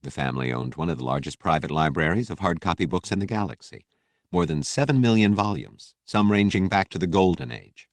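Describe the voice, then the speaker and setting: A man with a very deep voice reads an audiobook in a steady, measured way. The sound is dry and close, with little room around it. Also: no echo. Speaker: audiobook narrator. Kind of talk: scripted narration.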